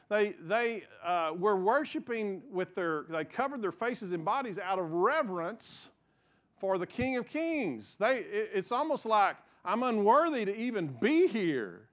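Guy preaching a sermon, kinda high voice, earnest, lo-fi dull sound. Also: a bit bright. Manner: earnest, repeats words while building points. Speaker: pastor.

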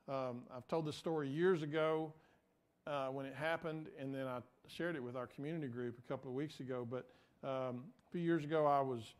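A man's voice: a little high, smooth. A male pastor, telling a story in a conversational, self-deprecating sermon. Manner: conversational, self-deprecating, acts out quoted voices.

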